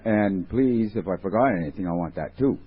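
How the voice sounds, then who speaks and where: A man's voice: fairly low pitch, expressive, fairly quick, slight background noise. A man sharing at a recovery meeting, rambling and wry, questioning himself as he goes. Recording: tinny lo-fi 1980s tape.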